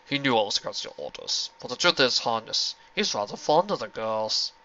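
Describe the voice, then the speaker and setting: Old pony wizard, voiced by a man; calm, measured, low, dull recording. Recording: lo-fi home recording.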